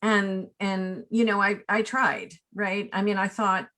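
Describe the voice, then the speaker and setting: A woman in her sixties, a casting director being interviewed, who tells personal stories in an animated, rambling way full of asides and tag questions. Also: mid-range voice, unhurried. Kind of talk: remote interview, personal storytelling.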